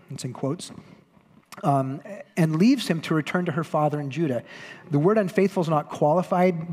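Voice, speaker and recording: A man's voice: fairly high pitch, a little mellow, slightly rough, long reverb tail. A man preaching a sermon, retelling a story conversationally with playful voiced asides for the characters. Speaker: pastor. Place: church sanctuary.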